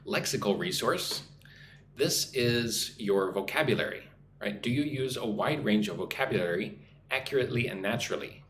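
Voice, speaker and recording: In an echoey room with a little background noise, an American man with a lowish, fairly bright voice gives a live English lesson. He reads viewers' comments aloud and frequently checks in by asking "right?"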